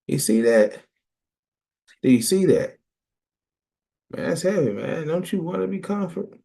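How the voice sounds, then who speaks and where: Gravelly-voiced man preaching scripture. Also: a little high, expressive, unhurried, pauses often, a little mellow. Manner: emphatic call-and-response preaching. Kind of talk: casual scripture teaching.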